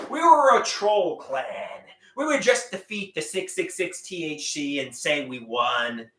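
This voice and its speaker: Brief: male streamer, slow drawl, very bright sharp tone, shouty and crude, roomy echo. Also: high voice, big pitch swings. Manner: loud, shouting, crude and self-mocking. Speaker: livestream host. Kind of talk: rambling live stream with improvised songs.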